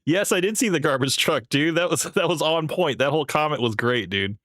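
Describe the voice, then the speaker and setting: A man's voice: a little high, fairly quick, a bit bright. A man hosting a live stream, chatting casually and rambling with lots of filler words as he reacts to a video. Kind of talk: casual chat.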